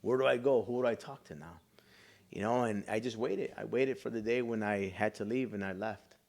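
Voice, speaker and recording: A man's voice: fairly low pitch, normal speed, vocal fry, a little mellow. Earnest man telling his story. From Chicago. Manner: earnest, emotional storyteller acting out dialogue. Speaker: guest. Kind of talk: storytelling in a podcast interview.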